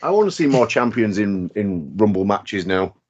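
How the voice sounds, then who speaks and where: A man's voice: fairly low pitch, sing-song, normal speed, darkish tone. A man co-hosting a podcast, joking and swearing in casual chat. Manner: jokey, sweary, does mocking voices. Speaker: podcast co-host. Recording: dull, lo-fi mic.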